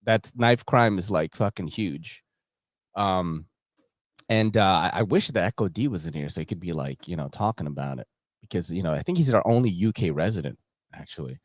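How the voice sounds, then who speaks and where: This is a laid-back man hosting his own show. He swears freely and chuckles as he talks, and his pitch rises and falls a lot. His voice sounds dry and close to the mic. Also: expressive, moderate pace, no room sound. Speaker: podcast host. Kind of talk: casual show chat.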